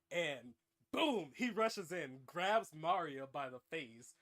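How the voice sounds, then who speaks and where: A man hosting a show, improvising a comic story with dramatic narration and an animated delivery. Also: a little high. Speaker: host.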